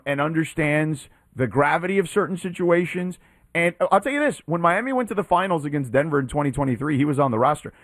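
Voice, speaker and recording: A man's voice: on the high side, no room sound, clean studio sound. A man co-hosting a casual sports talk show, arguing his point emphatically. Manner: emphatic, argumentative, rising when pressed. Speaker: sports podcast co-host. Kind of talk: casual debate.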